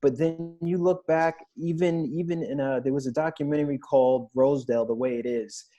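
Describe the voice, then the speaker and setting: A man's voice: on the high side, fairly even intonation, a little fast, mellow, dull audio. A man in his thirties on a podcast panel, earnestly recounting personal stories in a candid discussion.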